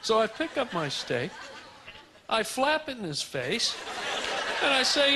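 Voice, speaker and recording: Man doing stand-up, high voice, animated and teasing, live club recording with audience laughter and noise. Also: measured pace. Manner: animated, teasing the crowd, loud outbursts. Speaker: stand-up comedian. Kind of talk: stand-up comedy set. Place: comedy club stage.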